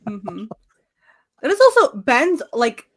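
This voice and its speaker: Slow and sing-song, a woman with a somewhat high, slightly bright voice recaps a comic story while co-hosting a casual chat podcast. She animatedly performs the characters, swearing and laughing a lot.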